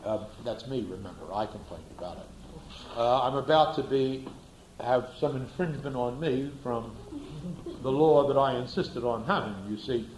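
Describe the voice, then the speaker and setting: A man's voice: medium pitch, normal speed, a little mellow, echoey room, a little hiss or hum, rough recording. A man giving a classroom lecture, asking the class rhetorical questions and acting out little scenes.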